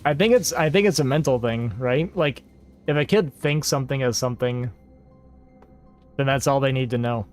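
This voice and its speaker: A man's voice: mid-range voice, moderate pace, a little mellow, faint music behind. A man hosting a livestream, talking casually and at length to his viewers and reading out their comments. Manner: rambling and talkative, reading chat aloud. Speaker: livestream host. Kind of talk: casual chat to a stream audience.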